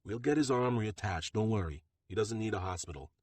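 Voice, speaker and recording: Gruff, commanding head chef, low and firm, dry close sound, read by a man. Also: animated, fairly quick, darkish tone, dry recording. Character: commanding male executive chef, gruff and calm.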